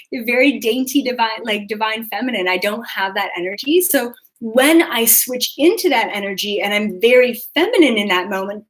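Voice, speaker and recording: With a fairly high, fairly bright voice, this spiritual podcast host, a young adult woman, chats casually on a live video. She uses lots of fillers and voices her inner thoughts as if quoting herself.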